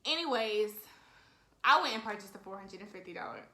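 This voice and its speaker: Bright-voiced young woman in an echoey room. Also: mid-range voice, a little fast. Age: 20s. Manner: animated, talks straight to viewers, frequent "y'all". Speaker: vlogger telling a story. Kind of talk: casual storytime.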